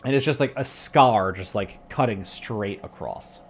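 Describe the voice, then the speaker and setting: A man's voice: fairly low pitch, measured pace, slight background noise. A man narrating a tabletop game as game master, rambling with many fillers and restarts, into a home microphone with a pop filter.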